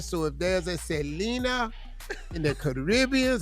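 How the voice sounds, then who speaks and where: A radio morning host, a man with a high voice, riffing in mock outrage at his callers. He speaks into a studio microphone with music playing clearly behind him. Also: animated, a little slow. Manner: mock-indignant, teasing rants. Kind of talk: comedic radio banter.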